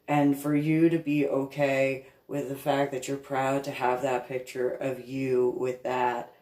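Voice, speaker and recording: A woman speaking as a reverend, telling a story in a casual monologue, animated and repeating her words for emphasis. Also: extremely low pitch, unhurried, few pauses, roomy sound.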